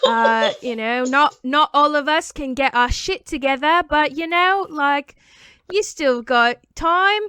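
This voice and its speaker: A woman doing an impression of a famous British pop singer, with a put-on London accent, sweet and condescending as she talks slowly. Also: sits high, bright, forceful tone, no echo, heavily acted. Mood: sugary. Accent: put-on London English. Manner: sugary, condescending, slow and drawn out.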